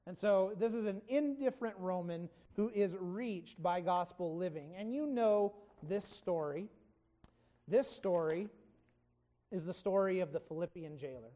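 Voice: medium pitch, unhurried, mellow. A Bible study teacher giving an informal lesson, talking conversationally, correcting themself and retelling scripture in casual everyday paraphrase.

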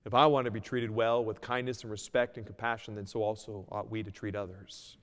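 A man preaching a sermon as pastor, earnest, moving between loud emphasis and a quiet plea. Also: on the low side, little pitch movement, fairly quick, in a large hall. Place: church sanctuary.

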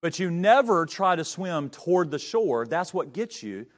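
A middle-aged preacher man tells his story from the pulpit. His voice sits high for a man, and it rises to shouts before sinking to near hushes. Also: very animated, unhurried. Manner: dramatic swings from shouting to hushed. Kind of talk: sermon storytelling.

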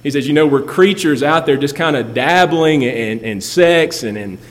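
A man's voice: fairly high pitch, normal speed. A man preaching a sermon as a pastor, emphatic, repeating key phrases for effect. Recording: long hall reverb.

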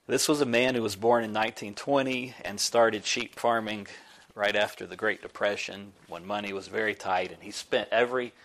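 Earnest male pastor reading aloud. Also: on the low side. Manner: earnest, prayerful, storytelling. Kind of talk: sermon with prayer and read-aloud story.

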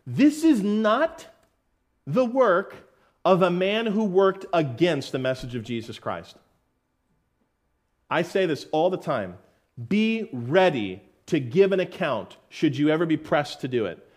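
A man preaching a verse-by-verse sermon as pastor, animated, acting out scenes and quotes and often restarting his words. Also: high-pitched.

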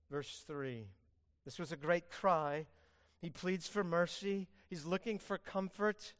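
A man preaching a sermon as pastor, earnest, swinging between loud pleading and hushed emphasis. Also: on the high side, fairly even intonation, takes it slowly.

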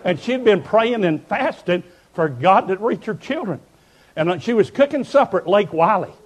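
Preacher man, pretty high voice, fervent revival sermon, tells stories and builds up to shouting. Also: expressive, moderate pace, slightly rough.

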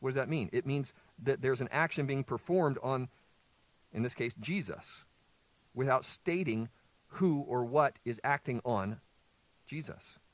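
A man's voice: medium pitch, unhurried, no room sound. A male pastor preaching a sermon. He reads scripture aloud, explains it, and puts questions to the listeners before answering them himself.

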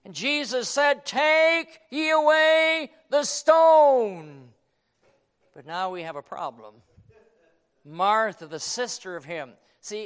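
Male preacher with a high voice. Dramatic sermon, hushed to shouting, reads King James verses. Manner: quotes King James scripture.

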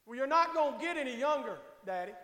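A middle-aged male pastor preaching a sermon in a church, moving between quiet conversational asides and shouted, drawn-out lines, often calling out to ask if everyone is all right. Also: extremely high pitch, lively intonation. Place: church sanctuary. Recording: echoey church hall with long reverb.

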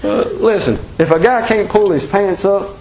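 High-voiced Southern preacher, folksy and emphatic. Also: male voice, moderate pace, darkish tone, dull audio. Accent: Southern American. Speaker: pastor. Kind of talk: sermon.

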